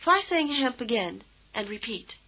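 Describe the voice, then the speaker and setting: A woman's voice: fairly high pitch, animated, highs cut off. Woman narrating an old language-course tape. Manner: measured, patient, explanatory. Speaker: language instructor. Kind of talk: scripted instructional narration.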